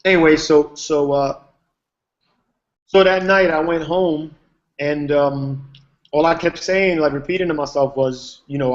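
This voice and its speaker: A man's voice: fairly high pitch, unhurried, dull audio. A man, a TV writer, telling a long story in a casual, rambling way with lots of slang and fillers, heard over a video call. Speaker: TV writer, guest. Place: online video hangout.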